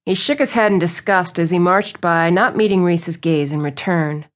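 Woman reading a romance audiobook, smooth even storytelling. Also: on the low side, normal speed. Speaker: audiobook narrator. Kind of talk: scripted narration.

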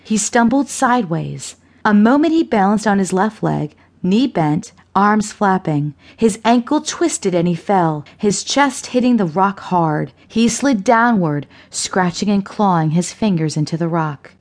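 A woman narrating a suspense thriller audiobook in a measured, unhurried reading. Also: medium pitch, lively intonation, a little mellow.

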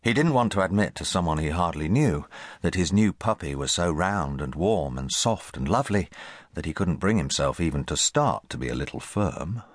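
A man reading a children's audiobook in scripted, expressive narration on a close studio mic. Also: sits low, moderate pace, dry recording. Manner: expressive storytelling.

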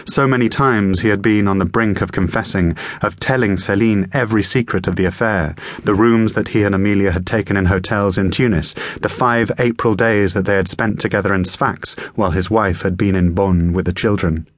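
Man reading a thriller audiobook, lowish voice, dry close sound, steady measured pace. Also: dry recording. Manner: measured, even storytelling delivery. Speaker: audiobook narrator. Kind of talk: scripted narration.

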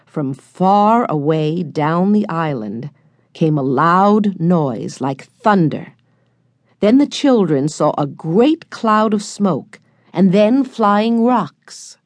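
Woman narrator for a kids' audiobook, unhurried and low, dry studio sound. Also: animated, no room sound. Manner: measured, gentle storytelling.

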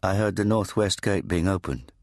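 Casting: a man playing a defiant, tight-lipped teenage boy, low and even. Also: moderate pace, no echo, clean studio sound. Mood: guarded. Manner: flat, curt replies. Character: defiant teenage boy acolyte, cool and guarded. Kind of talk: audiobook character voice.

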